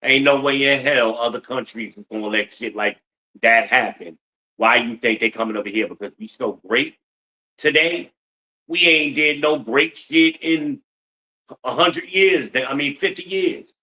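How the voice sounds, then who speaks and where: A man's voice: mid-range voice, measured pace, sharp tone, lo-fi sound. A middle-aged man hosting a podcast in a blunt, profane ranting monologue, full of rhetorical questions to his listeners. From United States. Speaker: podcast host.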